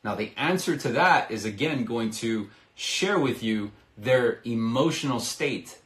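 Energetic man coaching sales, roomy sound. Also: medium pitch, a little slow. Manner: energetic, persuasive, acts out sales dialogue. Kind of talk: live-stream sales lesson.

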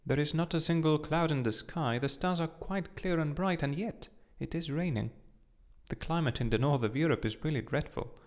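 A man's voice: a little high, normal speed, pitched above the performer's own voice, close to an everyday voice. A man reading an audiobook, voicing a small, fussy, chatty male swallow who talks straight to the point in a raised voice.

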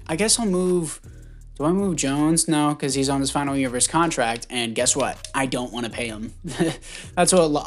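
A man giving casual commentary on a football video game, chatty and thinking out loud, often stumbling over names and correcting himself. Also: mid-range voice. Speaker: gaming YouTuber.

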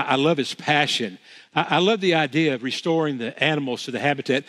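A man's voice: medium pitch, fairly bright tone. A man preaching a sermon as pastor, earnest, repeating phrases for emphasis with frequent restarts. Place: church sanctuary. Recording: long reverb of a church hall.

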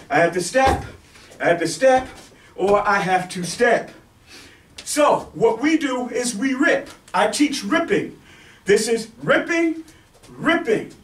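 A man teaching street self-defense, demonstrating on a partner and checking in with "okay?" and "right?" as he goes. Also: very high voice. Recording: echoey room, mic far off.

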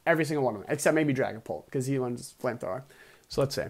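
A young man hosting a casual game breakdown in an average-pitched voice. He is excitable and veers between low mumbling asides and loud, worked-up outbursts. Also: rapid-fire. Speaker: video host and league player.

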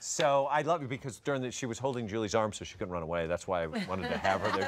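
A man's voice: fairly low pitch, quick pace, noisy background. A man hosting a daytime talk show, chatting playfully with guests and laughing a lot. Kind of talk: casual chat. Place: TV studio.

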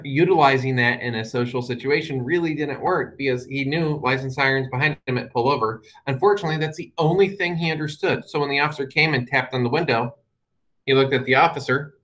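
A man speaks as a guest presenter, telling stories to an audience with wry humor and dry asides while explaining his points plainly. His voice is medium-pitched, fairly quick, and fairly bright, on a low-quality recording.

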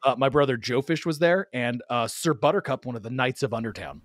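A man spins a long anecdote in casual podcast conversation, acting out each quoted line and laughing as he goes. His voice sits at an ordinary middle pitch. The sound is dry and close. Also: fairly quick, no echo. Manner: animated, laughs while telling, acts out quoted lines. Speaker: podcast guest storyteller. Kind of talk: casual storytelling chat.

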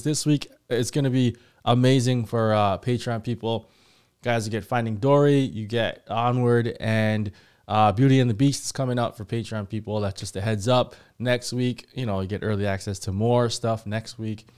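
A man hosting a movie reaction show, chatting casually to viewers in a rambling, excitable way full of fillers and restarts. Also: fairly low pitch, normal speed, clear, resonant tone. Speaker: host of a movie reaction channel.

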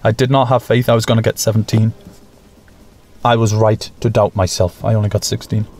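A man hosting a gaming channel, giving casual, jokey, self-mocking commentary over his play with sudden excited bursts. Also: fairly low pitch, fairly quick, a little hiss or hum.

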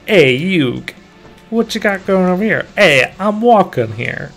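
Guy doing a loud brooklyn street dude, brash and hammy, gravelly, a bit raised. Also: high voice, lively intonation, unhurried, faint music behind, voice pushed up, heavily acted. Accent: put-on Brooklyn.

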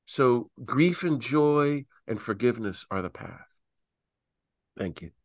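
A middle-aged man, a priest and peace activist, telling stories animatedly and acting out quotes with big swings in pitch, on a video call. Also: expressive, slow pace, dry recording, clean studio sound. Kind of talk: animated talk answering questions.

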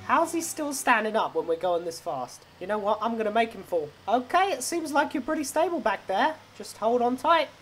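A young man in a game role-play, playing a tow truck driver with excitable, teasing commentary and frequent laughter. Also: extremely high pitch, normal speed, few pauses, a little hiss or hum.

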